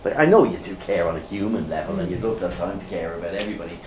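A middle-aged man teaching a training course, blunt and lively, firing rhetorical questions at the room. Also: sits low, very fast. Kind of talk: classroom teaching. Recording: roomy echo, faint background noise.

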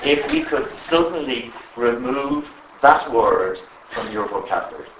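Animated man leading a workshop. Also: medium pitch, measured pace, recorded from a distance, a little hiss or hum. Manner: animated, asks the audience constant questions. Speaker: trainer. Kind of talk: live workshop talk to a group. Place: training room with live audience. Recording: echoey room with faint ambience.

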